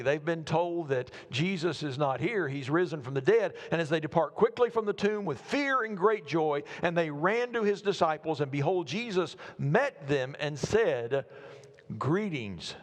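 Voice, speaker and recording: A man preaching a sermon, earnest, building to emphatic repeated phrases and then slowing to quiet, weighty words. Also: fairly high pitch, long reverb tail. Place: church sanctuary.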